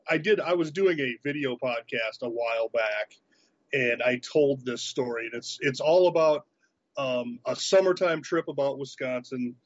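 A man's voice: mid-range voice, no room sound. A man appearing as a podcast guest, talking casually about movies and stories with frequent restarts. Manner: relaxed, with repeated restarts. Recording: dry, dull audio.

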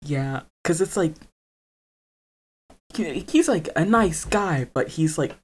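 A podcast co-host chatting casually, pausing and searching for words. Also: medium pitch, lively intonation, slightly rough. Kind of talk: casual chat.

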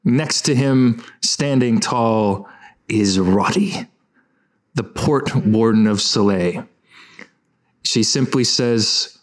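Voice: medium pitch, slow pace, pauses often. A game master narrating a tabletop game in an easygoing, descriptive way.

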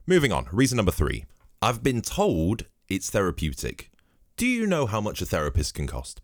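A man's voice: on the low side, wildly swooping pitch, moderate pace, no echo, studio quality. A man hosting his own podcast, telling rambling, cheeky, profane stories while he drinks at his home microphone. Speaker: podcast host. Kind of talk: comedic podcast monologue.

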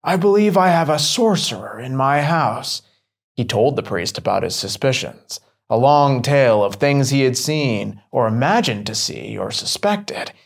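A man narrating a scripted story in an expressive, varied reading. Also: mid-range voice.

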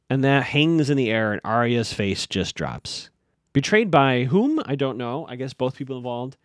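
Chatty podcast host man with a lively voice. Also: mid-range voice, moderate pace, dry recording, studio quality. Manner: chatty, filler-heavy, thinks aloud with frequent restarts. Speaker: podcast host recapping a TV episode. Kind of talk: casual episode recap.

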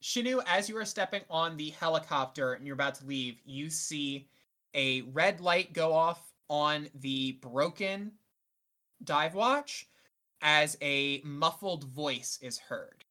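Bright, rambling game master. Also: medium pitch, slow pace. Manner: rambling, filler-heavy narration. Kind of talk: narrating a tabletop game.

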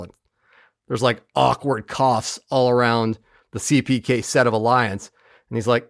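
A man hosting a podcast, recapping a TV episode in casual chat with a wry, profane, animated manner. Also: mid-range voice, moderate pace, creaky, dry recording, clean studio sound.

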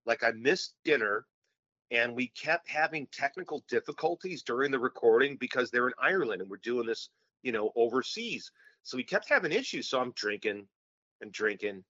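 A man telling a story as a podcast guest, excitable and loudly acting out the lines he quotes. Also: mid-range voice, normal speed, no room sound, dull audio. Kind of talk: animated storytelling in casual chat.

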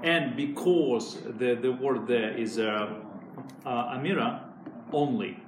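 A man's voice: medium pitch, slow, background noise. Hesitant man asking in an echoey class. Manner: hesitant, many fillers and restarts. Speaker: student in class. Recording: echoey room with crowd behind.

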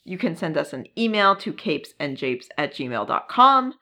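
A woman co-hosting a podcast in casual chat, laughing often and filling pauses with ums. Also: sits low, sing-song, pushed and bright. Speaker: podcast co-host.

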